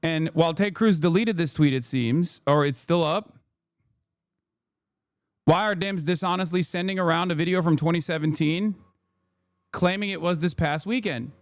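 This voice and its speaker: A man in his thirties rants through a live-stream news reaction, firing off rhetorical questions. His voice sits a bit high, and the sound is dry and close. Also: no echo. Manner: fast, heated ranting with rhetorical questions.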